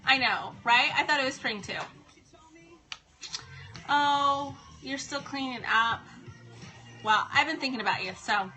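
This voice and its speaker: A woman's voice: high voice, measured pace, long pauses, sharp tone, faint music behind. A woman hosting a casual live stream from home, chatting and greeting viewers by name. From Ohio.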